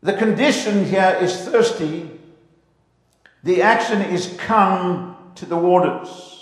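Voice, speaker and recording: Male preacher, fairly high voice, playful and animated delivery, booming hall reverb. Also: slow. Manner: animated, playful, acts out voices of God and congregants. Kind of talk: lively sermon. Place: church. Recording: echoey hall, long reverb.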